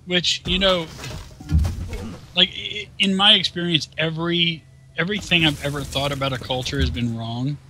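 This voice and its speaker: A man's voice: on the high side, fairly even intonation, normal speed, sharp tone, faint music behind, poor audio. A man ranting in casual chat over gameplay, swearing often and sounding incredulous. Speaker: gaming co-host.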